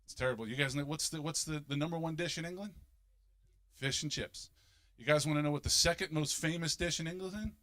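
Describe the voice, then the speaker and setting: A man, doing a stand-up comedy set and jumping into loud exaggerated voices for punchlines. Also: fairly high pitch, steady tone, fast talker. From Philadelphia, United States. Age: 50s.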